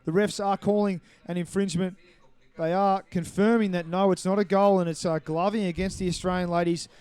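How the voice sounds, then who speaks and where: A man giving live play-by-play commentary on a match, brisk and explanatory, walking listeners through the referee's calls. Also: sits high, steady tone, a little mellow, clean tone, no room sound. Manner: brisk, explanatory, apologetic over names.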